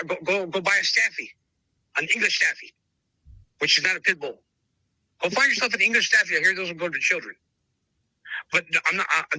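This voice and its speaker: A dog breeder tells stories in a relaxed interview, acting out both sides of old conversations and frequently calling the listener "brother." His voice sits high with a sharp edge. The audio is poor, though it has no room sound.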